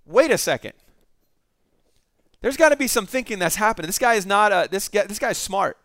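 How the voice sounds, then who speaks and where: A man's voice: high-pitched, sing-song, brisk, a bit bright, no room sound. A middle-aged male pastor preaching a sermon, telling the story with animation and acting out the voices in it.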